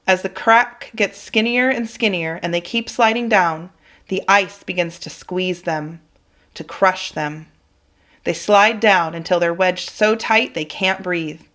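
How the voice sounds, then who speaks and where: A woman's voice: on the low side, unhurried. Woman giving a dramatic storybook read-aloud. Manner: expressive, dramatic reading. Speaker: reader for children.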